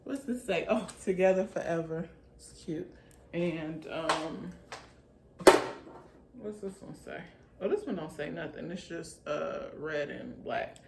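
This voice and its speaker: A woman's voice: low-pitched, takes it slowly, gravelly. Chatty mom filming her kids at home. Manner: relaxed, chatty, colloquial, teasing with her kids. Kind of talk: casual home vlog chat. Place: home kitchen. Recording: roomy with faint background noise.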